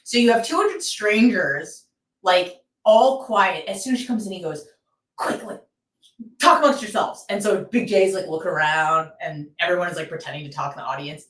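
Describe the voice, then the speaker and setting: A woman co-host tells a long, lively story in relaxed chat, leaning on fillers as she goes. Her voice sits a little low. She sounds far from the mic in a roomy space. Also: moderate pace. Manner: animated storytelling, many fillers. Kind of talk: casual chat.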